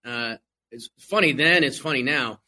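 A man talking baseball in a casual podcast chat, animated and full of quick restarts. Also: mid-range voice. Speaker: podcast guest.

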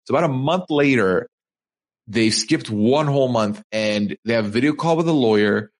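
A man's voice: medium pitch, moderate pace. A man co-hosting a podcast, recapping events in casual chat and quoting people as he goes. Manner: storytelling, quoting people in conversational asides. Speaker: podcast co-host.

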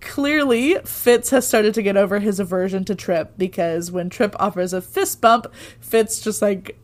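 A woman's voice: mid-range voice, normal speed. A woman co-hosting a podcast, recapping an episode in a casual, chatty way with irreverent asides and frequent laughs. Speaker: podcast co-host.

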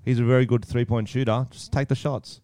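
A man's voice: mid-range voice, flat delivery, a little fast, mellow, dry recording. An Australian man in his thirties, co-hosting a podcast in casual, swearing banter with frequent laughter. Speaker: podcast co-host. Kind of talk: casual chat.

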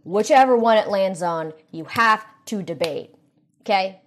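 A woman's voice: medium pitch, a little slow. Joking young woman co-host. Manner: jokey, drives the segment. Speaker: podcast co-host. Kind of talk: casual chat.

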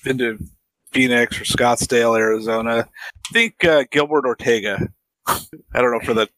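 A man co-hosting a podcast in casual chat, swearing, laughing and drawing quick pop-culture comparisons. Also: medium pitch, a bit bright, no echo, low-quality recording. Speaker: podcast co-host. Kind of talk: casual film discussion.

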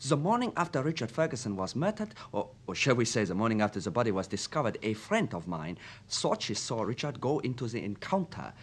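A man's voice: medium pitch, very animated, a little fast, breathy edge. An actor playing a hesitant, stammering young man in a radio drama. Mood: nervous. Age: young adult. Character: nervous young male student, evasive and eager.

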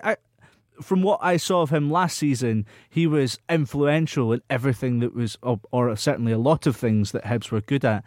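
A man's voice: medium pitch, normal speed, darkish tone, no room sound, studio quality. A man hosting a casual football podcast, chatty and reading out listener questions. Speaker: podcast host.

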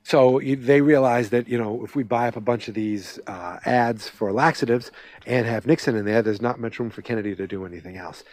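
A man's voice: medium pitch, fairly even intonation, fairly quick, darkish tone, no room sound, faint music behind. A man hosting a podcast, recapping a television episode in a rambling, conversational way, with many restarts. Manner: rambling, self-interrupting, conversational. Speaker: podcast host.

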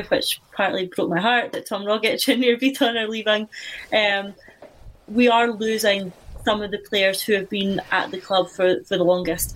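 Thoughtful woman talking football. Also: mid-range voice. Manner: thoughtful, hedging with "you know". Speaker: podcast panellist. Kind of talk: casual discussion.

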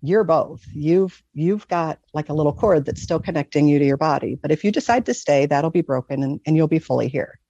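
A woman's voice: low-pitched, a little fast, hardly any pauses, mellow, dry recording, muffled recording. A woman putting on a wise spirit grandmother. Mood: reassuring.

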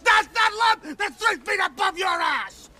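An actor playing a gruff male baseball coach who mocks and hollers at a player, heard in a noisy movie clip from a distance. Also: very high voice, lively intonation, a little slow, sharp tone, shouting, some chatter behind, full character voice. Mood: scornful yelling. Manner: mocking, hollering.

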